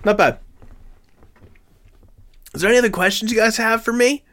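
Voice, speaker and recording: A man runs a tabletop role-playing game, narrating and arguing in character. His voice sits a little high, and he talks fast and casually, often restarting a sentence. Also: fairly bright tone. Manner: quick, conversational, with restarts and laughs. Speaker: game master.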